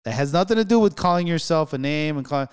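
A man in casual conversation, telling animated stories and repeating phrases as he talks. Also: a little high, quick pace, smooth. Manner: animated storyteller, repeats himself.

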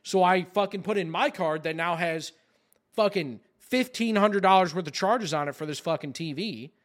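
A man's voice: high-pitched, moderate pace, a bit bright. A man, a podcast co-host telling a story in casual chat, with a profane, exasperated delivery.

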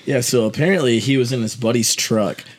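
A man in casual podcast chat, joking and egging a friend's story on with quick asides. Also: mid-range voice. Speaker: podcast co-host.

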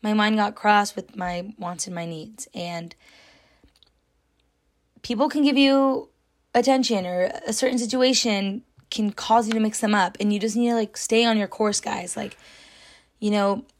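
A woman's voice: mid-range voice, measured pace. Earnest young woman vlogging casually. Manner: earnest, frequent fillers like "like" and "you know". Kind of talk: casual reflective vlog talk.

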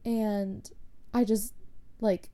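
A woman's voice: medium pitch, flat delivery, extremely slow, warm tone. A young woman casually telling a personal story, rambling with lots of filler words. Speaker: podcast host.

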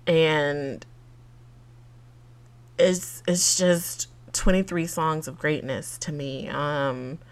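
On her casual solo podcast, a woman with a lowish voice chats freely and shows her emotions openly. She holds back tears, laughs between thoughts, and calls her listeners "y'all."

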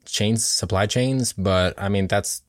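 Guy cohosting a tech podcast, lowish voice, dry close sound, upbeat and chatty. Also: takes it slowly, no room sound. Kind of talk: casual tech news chat.

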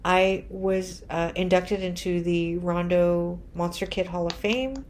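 A woman's voice: lowish voice, fairly even intonation, takes it slowly. A woman hosting a podcast in casual chat, tired and punch-drunk, rambling and laughing at herself. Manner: rambling, self-deprecating, laughing often. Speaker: podcast host.

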